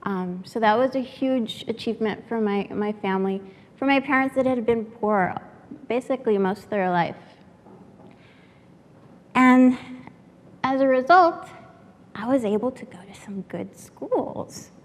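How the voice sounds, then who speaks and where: A woman from San Antonio, a native Spanish speaker, lively and chatty as she tells stories to a workshop audience. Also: on the high side, measured pace, long pauses. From San Antonio, Texas. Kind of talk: storytelling to an audience. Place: workshop room. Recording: echoey hall.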